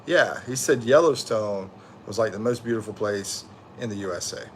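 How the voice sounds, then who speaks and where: A tired, middle-aged American livestream host with a fairly low voice talks at normal speed, with a little hiss or hum on the recording. Reading viewer comments, he chats casually in a rambling, slangy way, often correcting himself.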